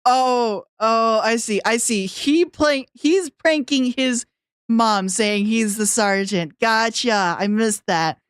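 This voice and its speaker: A woman's voice: a little high, takes it slowly, clean tone, no room sound, studio quality. A woman streamer chatting casually and giggling while reacting to a video.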